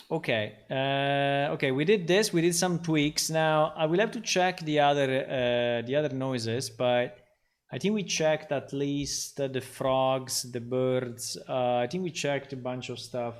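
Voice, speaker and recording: A man chatting on a livestream while he works on a game, thinking out loud and wandering from point to point. He stops often for an um or a restart and takes his time over each thought. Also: mid-range voice, fairly even intonation, measured pace. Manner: rambling and thinking aloud, many ums and restarts. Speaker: game developer streaming his work. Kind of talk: casual livestream talk while working.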